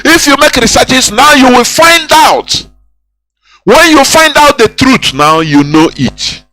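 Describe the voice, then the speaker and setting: A man's voice: very high-pitched, big pitch swings, slow pace, sharp tone, low-quality recording. Preachy man on the radio. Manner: preachy, repetitive, rhetorical questions. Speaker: radio host. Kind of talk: impassioned radio monologue.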